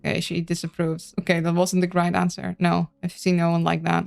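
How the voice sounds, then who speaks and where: A woman's voice: fairly low pitch, completely flat delivery, brisk, gravelly, a little mellow, faint music behind. A woman casually playing a narrative game, reading its text aloud with chatty, playful asides and stumbles over names. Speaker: let's-play streamer.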